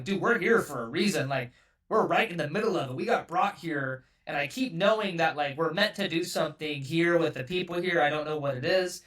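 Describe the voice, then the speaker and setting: A man from California tells a story as a podcast guest, loose and rambling, swearing often and filling every gap with "like." His voice is a little high and a bit bright, picked up by a distant mic.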